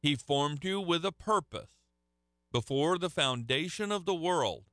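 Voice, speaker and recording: Middle-aged guy preaching, folksy storyteller, lots of restarts, bright voice, dry close sound. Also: fairly high pitch, lively intonation, measured pace, no echo. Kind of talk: sermon. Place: church hall with a live audience.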